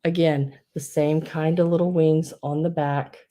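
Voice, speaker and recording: A middle-aged woman talks her way through a live online auction, chatty and gushing as she calls out bids and counts down to the sale. Her voice sits a little low and sounds warm and mellow rather than bright. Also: little pitch movement, measured pace. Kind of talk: live-stream sale chat.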